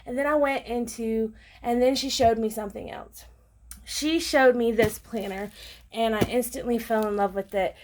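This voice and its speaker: A woman vlogging an unboxing in a casual, gushing, excitable way, with lots of ums. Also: a little high, moderate pace. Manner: gushing and excitable, many fillers. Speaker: planner vlogger.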